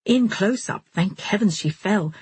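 A woman's voice: mid-range voice, unhurried, a little mellow, breathy edge, no room sound. A woman reading an anxious, fervent young man. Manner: fervent, urgent. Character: anxious young man, brother, quick and intense.

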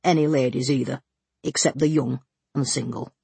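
A woman voicing a deferential male footman in a lowered, respectful voice. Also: expressive, normal speed, a little mellow, husky, no room sound. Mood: reporting.

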